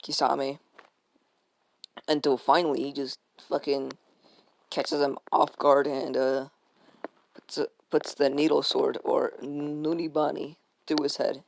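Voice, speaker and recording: Gravelly, rambling young-sounding man. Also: on the high side, level tone, slow pace, slight background noise. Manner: rambling, swears freely, many fillers and restarts. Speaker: fan fiction storyteller. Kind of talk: casual unscripted story retelling.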